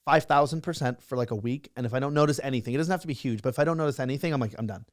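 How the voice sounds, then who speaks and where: A young man rattles through his stories at a rapid clip, piling up fillers and restarts. His voice sits at an ordinary pitch. The sound is dry and close. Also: dry recording. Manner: fast, excitable, full of fillers and restarts. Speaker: guest, social media creator. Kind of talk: casual interview storytelling.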